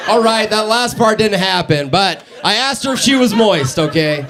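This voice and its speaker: A man's voice: sits high, moderate pace, a crowd in the background. A young man, a radio host, doing a live stand-up set in a studio, telling stories and acting out the people in them. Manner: animated storytelling, acts out characters, laughs a lot. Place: live studio in front of a small audience.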